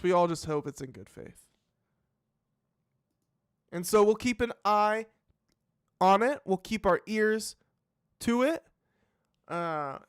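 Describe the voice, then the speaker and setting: The smooth, high-pitched voice of a man hosting a live reaction show comes across in a dry, studio-quality recording. He muses hesitantly through casual commentary, full of fillers and restarts.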